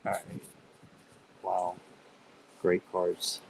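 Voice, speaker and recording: A man hosting a live stream, chatting casually with viewers by name and reading tarot cards, upbeat and quick to laugh. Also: deep voice, monotone, gravelly, slight background noise, rough recording. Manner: chatty and upbeat, laughs often while talking; talks directly to viewers by name.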